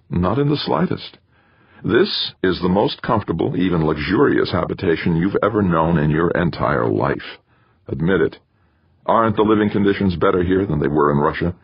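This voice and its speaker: A man with a deep, creaky, husky voice voicing a smooth, manipulative male administrator in an audiobook, talking in a coaxing, persuasive way. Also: expressive, normal speed, no room sound, lo-fi sound, full character voice. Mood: lecturing.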